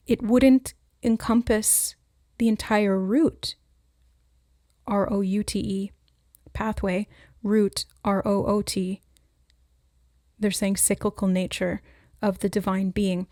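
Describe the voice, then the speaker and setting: Woman doing a spiritual reading, musing and pausing a lot, dry recording. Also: mid-range voice, mellow, no echo. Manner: musing, thinks aloud with hesitant pauses. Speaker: intuitive oracle reader.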